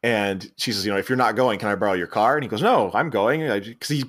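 A man's voice: fairly low pitch, quick pace, fairly bright tone. A man with a Philadelphia accent, co-hosting a casual movie podcast and retelling the plot in a rambling way, laughing and restarting often. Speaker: podcast co-host. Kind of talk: casual movie recap chat.

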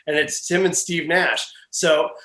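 A man's voice: fairly high pitch, fairly even intonation, measured pace, sharp tone, roomy sound. A man hosting a podcast, telling a rambling story in casual chat and swearing freely. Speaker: podcast host.

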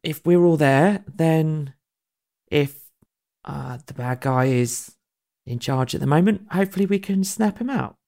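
A man's voice: fairly high pitch, a little slow, creaky, mellow. A man playing a tabletop game, thinking aloud in a hesitant, planning way. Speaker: player. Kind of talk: casual tabletop play.

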